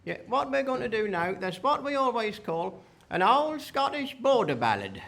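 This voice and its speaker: A man playing the father in a folk comedy duo, telling a tall tale in a slow, deadpan, matter-of-fact way between songs on stage. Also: extremely high pitch, gravelly. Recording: noisy live stage recording.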